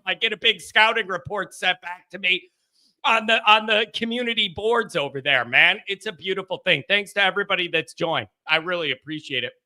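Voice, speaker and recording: Male call-in host, high and very bright voice, casual rambling delivery with self-deprecating jokes. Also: a little fast. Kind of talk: casual sports talk monologue.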